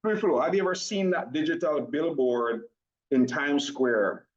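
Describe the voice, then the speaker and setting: A man with a mixed Jamaican and American accent, presenting at a business launch with an energetic promotional pitch, talking fast and addressing his audience directly. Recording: dull lo-fi audio.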